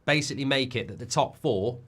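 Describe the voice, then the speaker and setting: A middle-aged man with a medium-pitched, slightly breathy voice talks a little fast as he hosts a live football watchalong. He's excitable and rambling, frequently repeating and restarting his words.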